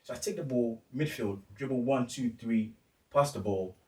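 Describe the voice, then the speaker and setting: A man's voice: mid-range voice, normal speed. A man on a podcast, telling a story animatedly in casual street slang and acting out what others said. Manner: animated, acts out quoted voices, street slang. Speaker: podcast co-host. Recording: echoey room, distant mic.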